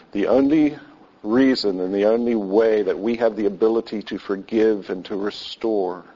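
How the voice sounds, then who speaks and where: Gravelly low-voiced male pastor. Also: lo-fi sound. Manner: earnest preaching that trails off softly at line ends. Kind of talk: sermon.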